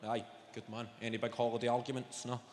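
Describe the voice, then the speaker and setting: A man's voice: mid-range voice, level tone, quick pace. A man with a Scottish accent doing a stand-up routine, swearing freely and teasing the crowd in brash banter. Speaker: stand-up comedian. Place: live comedy venue stage. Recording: echoey hall with loud crowd.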